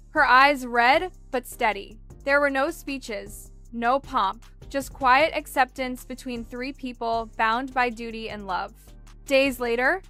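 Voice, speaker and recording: Female narrator, dramatic scripted storytelling, high pitch, bright crisp voice.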